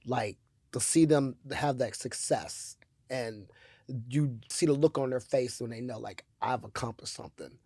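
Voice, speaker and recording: Martial arts teacher guy on a podcast, mid-pitched, gets really excited talking, dry mic. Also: unhurried, dry recording. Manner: enthusiastic, warmly emphatic. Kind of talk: casual conversation.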